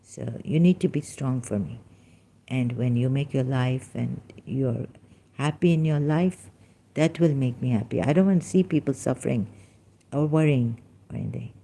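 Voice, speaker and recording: Woman, vlogger, personal monologue, earnest and pleading, deep voice. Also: warm tone. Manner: earnest, halting, pleading with the audience.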